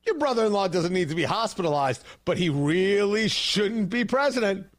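Heated, high-voiced ranting male host. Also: big pitch swings, moderate pace. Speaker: political commentary host. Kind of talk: livestream political commentary.

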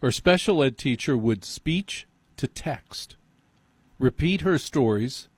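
Blunt, husky-voiced radio host man. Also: medium pitch, animated, slow pace, no echo. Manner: blunt, opinionated, emphatic. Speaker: radio talk show host. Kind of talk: call-in radio talk.

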